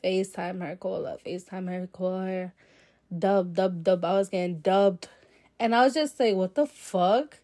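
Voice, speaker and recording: A woman's voice: on the low side, fairly even intonation, moderate pace, mellow. A young adult woman hosting a podcast, telling a personal story in a candid, chatty way, with lots of fillers and swearing. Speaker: podcast host. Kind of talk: casual storytelling. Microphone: solo podcast mic.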